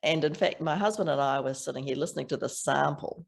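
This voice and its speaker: Speaking fast in a low, creaky, slightly rough voice, an older woman with a thick New Zealand accent appears as an author guest in a casual interview chat. She laughs frequently and often restarts.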